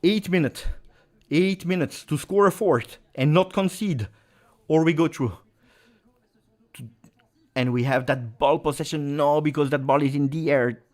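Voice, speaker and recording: A man hosting a live football watch-along, reacting to the match as it unfolds, swinging from low muttering to loud shouting. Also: measured pace, long pauses.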